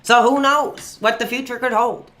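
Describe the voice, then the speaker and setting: A man's voice: extremely high pitch, fairly even intonation, moderate pace, pushed and bright. A young man streaming live and taking calls, rambling with fillers and flaring into angry rants at trolls. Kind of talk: live stream call-in chat.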